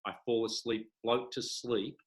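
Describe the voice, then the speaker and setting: A middle-aged man, a hypnotherapist, talking as an interview guest and acting out little scenes with lively jumps in his voice. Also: a little slow. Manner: animated storyteller, acts out voices with big pitch jumps. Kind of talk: conversational interview.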